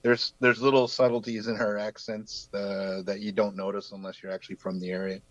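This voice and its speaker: On a casual video call, a forties-aged guest artist from New Brunswick, Canada, speaks with a light local accent in a fairly low, fairly bright voice with little pitch movement. He talks fairly quickly, easygoing and rambling with many fillers. The audio has no room sound and the highs are cut off.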